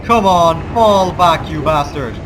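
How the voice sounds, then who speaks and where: High-voiced man, put-on American accent. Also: takes it slowly. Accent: forced American over a Balkan one. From Balkans. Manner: mock-grandiose war speeches with wry asides. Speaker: let's play gamer. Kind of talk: gameplay commentary. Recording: loud game sounds under the voice. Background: game ambience and vehicle noise.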